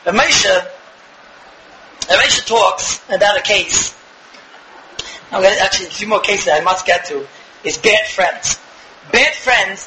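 A man's voice: sits high, pushed and bright, roomy sound, a little hiss or hum, rough recording. A man teaching a religious lecture with emphasis, firing off rhetorical questions and acting out little dialogues. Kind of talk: Torah lecture.

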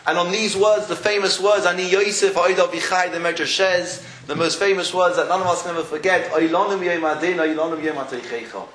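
A man's voice: high-pitched, fairly even intonation, a little fast, few pauses, fairly bright tone. Man teaching Torah in an echoey room. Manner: storytelling, with rising questions. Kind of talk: Torah class on the weekly portion. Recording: echoey room, faint noise.

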